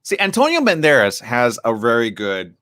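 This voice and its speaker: A man hosting a live radio morning show, chatting casually in an animated, joking, rambling way from the studio. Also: medium pitch, normal speed.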